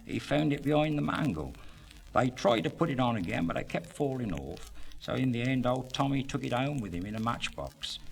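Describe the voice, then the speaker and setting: A man's voice: mid-range voice, sing-song, normal speed, creaky. A man with a rural southern English accent spinning comic country yarns in a drawling dialect monologue, with chuckling asides.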